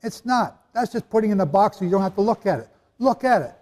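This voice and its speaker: A fast-talking Bible teacher preaches to a live audience in a hall with long reverb, his high voice darkish in tone and lively in intonation. He's emphatic, asking rhetorical questions and slipping in jokes.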